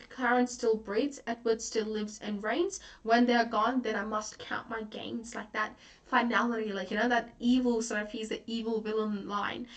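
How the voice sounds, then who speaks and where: Woman tutor, higher pitch, chatty and casual, a bit off-mic. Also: fairly bright tone, far from the mic. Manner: chatty, frequent fillers and restarts. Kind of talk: recorded exam-prep lecture.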